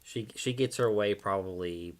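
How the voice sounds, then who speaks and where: A man's voice: on the low side, normal speed, a little hiss or hum. A man casually chatting on a home livestream, playful and self-teasing, cooing at his dog. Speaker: livestream host.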